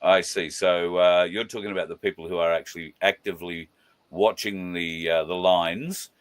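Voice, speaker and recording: Deep-voiced chatty man hosting a stream. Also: fairly even intonation, clear, resonant tone, no room sound. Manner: chatty, greets viewers by name, drawn-out fillers. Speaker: livestream host. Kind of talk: casual live-stream chat.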